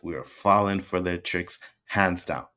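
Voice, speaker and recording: Hosting a livestream, a Canadian man who drops some Jamaican slang argues back emphatically at his chat, repeating his points. His voice sits low and sharp, and he takes his time.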